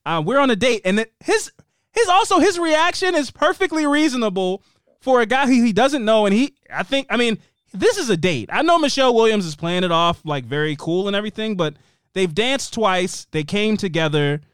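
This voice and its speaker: A man's voice: sits high, normal speed, clear, resonant tone, no room sound, studio quality. A man co-hosting a podcast, chatting casually about a TV show and acting out the characters' lines. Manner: animated, acts out characters' lines. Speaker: podcast co-host. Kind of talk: casual chat recapping a TV show.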